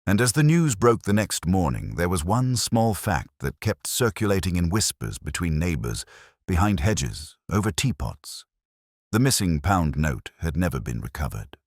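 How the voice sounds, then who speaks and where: A man reading a cozy mystery story aloud, his voice extremely deep and resonant in the low end. He tells it with a lively, rolling lilt, and the recording is close and completely dry. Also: dry recording. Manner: measured, expressive storytelling. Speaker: narrator. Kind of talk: scripted storybook narration.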